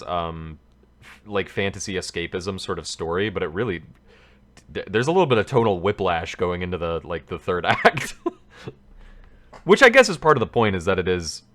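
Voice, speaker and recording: A man's voice: sits low, a bit bright. A man giving casual, rambling commentary over a game, full of fillers and restarts. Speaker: let's player. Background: game music.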